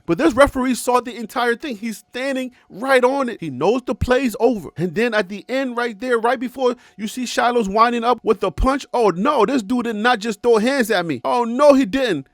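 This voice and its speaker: A man hosting a sports commentary channel, breaking down game footage in an animated, casual way and asking viewers rhetorical questions. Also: high voice, dry recording, clean studio sound.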